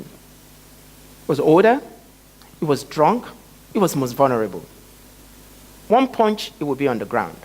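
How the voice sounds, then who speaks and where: A man giving a talk as a guest speaker, telling a personal story with emphatic, dramatic pauses and big swings in pitch and loudness. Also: rough recording.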